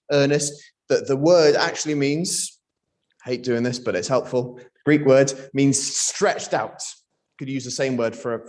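A man's voice: medium pitch, a little mellow. A man preaching a sermon in a conversational way, asking the congregation rhetorical questions. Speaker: pastor.

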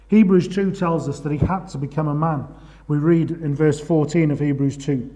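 A man preaching a sermon, swinging from loud urgent questions to hushed, slow phrases. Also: a little high, steady tone.

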